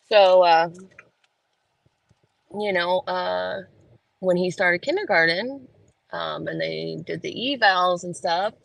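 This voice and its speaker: Gravelly-voiced woman chatting from her car. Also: on the low side, slow, long pauses, no echo, low-quality recording. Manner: rambling with many fillers, homey. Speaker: vlogger chatting with live viewers. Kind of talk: casual chat. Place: parked car in a school pickup line. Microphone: phone camera.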